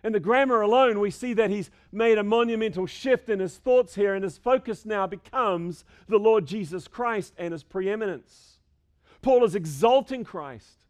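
Man, pastor, high voice, emphatic, repeats key phrases, sermon in church. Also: normal speed. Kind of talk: expository sermon. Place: church sanctuary with a screen.

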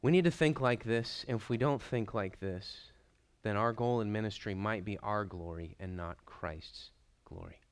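A pastor delivers a sermon, building up to slow, emphatic stresses before falling back to a soft, quiet delivery. His voice sits on the low side and the tone is clean.

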